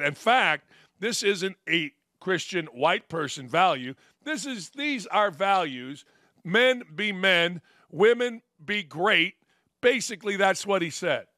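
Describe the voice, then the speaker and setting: A man's voice: sits high, pushed and bright, no room sound, clean studio sound. A man hosting a sports talk show, delivering a combative, sarcastic opinion monologue. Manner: combative, sarcastic, mocking quotes.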